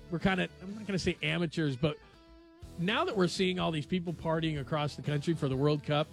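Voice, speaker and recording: A man hosting a sports radio show, chatting casually and telling stories with animated asides. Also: fairly high pitch. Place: radio studio.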